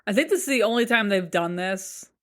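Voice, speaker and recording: A woman's voice: medium pitch, brisk, a bit bright. Laid-back woman co-host with dry asides. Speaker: podcast co-host. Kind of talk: casual TV recap chat.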